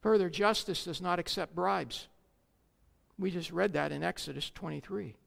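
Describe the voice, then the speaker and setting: With a creaky, medium-pitched voice at normal speed, a preacher delivers an emphatic sermon that has a big-room sound. He moves between booming declamation and quiet asides, tossing out sarcastic jabs and rhetorical questions.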